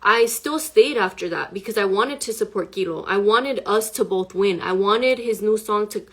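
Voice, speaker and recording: A young woman telling her own story to the camera, rushed and emotional, swearing and filling with "like". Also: mid-range voice. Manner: rushed, profane, full of "like". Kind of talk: emotional personal account to camera.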